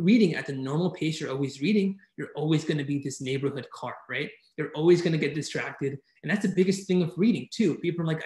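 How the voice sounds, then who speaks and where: A man giving an energetic online presentation, talking enthusiastically and often checking in with "right?" as he teaches. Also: fairly high pitch, reverberant. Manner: enthusiastic, fast-talking, keeps asking "right?". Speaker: conference speaker teaching speed reading. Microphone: video call.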